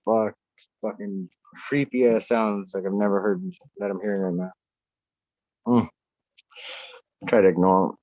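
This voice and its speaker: A man's voice: fairly low pitch, no room sound, highs cut off. A man chatting as a podcast guest from an off-grid homestead, rambling and swearing freely. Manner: rambling, profane, excitable. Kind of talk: casual chat.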